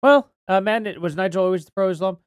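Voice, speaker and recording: A man's voice: high voice, brisk, smooth, no echo, clean studio sound. A male live-stream host chatting casually, thinking aloud and rambling with questions to himself and his chat.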